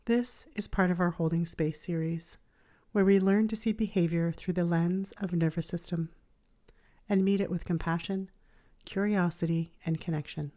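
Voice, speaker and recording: A woman with a somewhat low voice hosts a reflective parenting podcast. She speaks slowly and softly, like a therapist guiding listeners through a quiet moment. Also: steady tone. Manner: gentle, measured, soothing. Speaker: child therapist and podcast host. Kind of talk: scripted reflective podcast narration.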